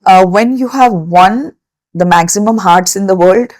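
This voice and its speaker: A woman's voice: mid-range voice, a little slow, darkish tone, dry recording. A woman from India, a singer, telling stories animatedly as a podcast guest and laughing often. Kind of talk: conversational interview.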